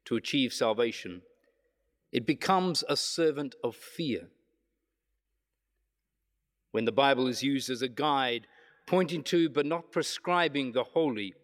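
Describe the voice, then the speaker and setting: A male preacher speaks in a reflective, measured way, slowing on key phrases. His voice sits at a middle pitch. A long reverb fills the space around him. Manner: reflective, measured, with slowed emphasis. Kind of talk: sermon.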